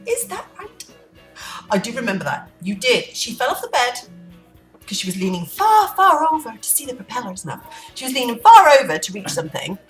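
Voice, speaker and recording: A woman rambles playfully through an unplanned vlog chat at home. Her voice is a little high and very animated. She is recorded from some distance in an echoey room, with faint music in the background. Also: a little fast. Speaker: vlogger. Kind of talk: unplanned casual chat to camera.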